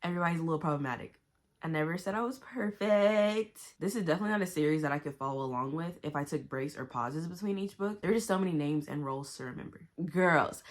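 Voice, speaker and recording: A woman vlogging a blunt, profane, animated book review in casual slang. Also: low voice. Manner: talks to herself and the viewers with slang.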